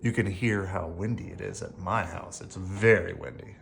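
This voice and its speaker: A bedtime storyteller reading a children's picture book aloud, sing-song and hushing softly on the refrains. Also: deep voice, normal speed, creaky, a little hiss or hum.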